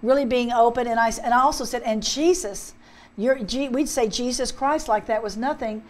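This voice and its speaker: A woman's voice: a little high, fairly even intonation, fairly quick. Earnest woman preaching her testimony. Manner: fervent, earnest, repeats herself. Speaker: guest minister.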